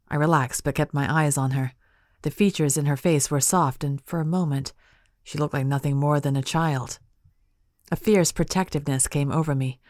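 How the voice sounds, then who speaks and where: A woman with a low voice reading a fantasy audiobook in the first person. Her delivery is measured and expressive. The recording is close and dry. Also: no echo. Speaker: audiobook narrator. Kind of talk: scripted audiobook narration.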